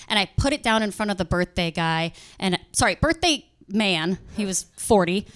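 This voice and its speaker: A young woman doing stand-up comedy on stage in front of a live audience. She tells a story and acts out customers and bosses in quick quoted voices. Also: mid-range voice, a bit bright, smooth.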